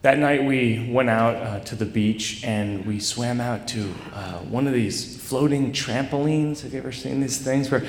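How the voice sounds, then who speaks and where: A man telling a rambling, self-deprecating personal story on stage, his voice mid-pitched and full of stops and restarts. The hall rings with a long reverb, and a faint audience hum sits underneath. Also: unhurried, hardly any pauses. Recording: echoey live hall recording.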